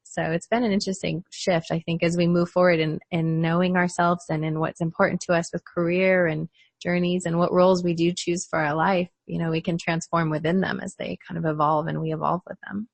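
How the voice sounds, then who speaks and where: Woman psychologist, reflective and chatty, lower voice, dry close sound. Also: flat delivery, brisk, gravelly, no room sound. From United States. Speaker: psychologist, podcast guest. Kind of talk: casual conversation.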